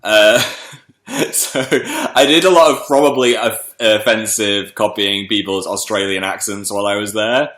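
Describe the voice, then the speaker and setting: A young man with a bright, forceful voice hosts a casual livestream and rattles off viewers' names in greeting. He sounds slightly stuffed up from a cold. The room around him is echoey. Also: fairly low pitch, measured pace. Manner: chatty, greets viewers by name. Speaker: livestream host.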